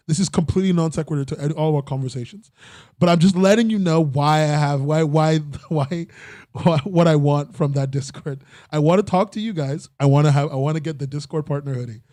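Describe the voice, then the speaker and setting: A man's voice: on the high side, mellow, dry recording, studio quality. A young man hosting a casual podcast chat, rambling and breaking off mid-sentence, often laughing at himself. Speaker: podcast host.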